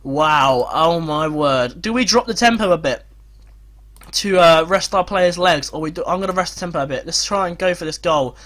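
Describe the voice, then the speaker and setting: High-voiced young man calling a football game. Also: a little fast. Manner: shouts and cheers at goals, frantic play-by-play. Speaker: gaming YouTuber. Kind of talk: excited football game commentary.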